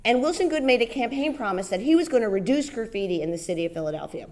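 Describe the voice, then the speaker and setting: A middle-aged woman from New Jersey giving a keynote speech, telling her stories in an animated way and acting out the dialogue. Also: on the high side, fast. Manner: animated storyteller, acts out dialogue, laughs often. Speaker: keynote speaker.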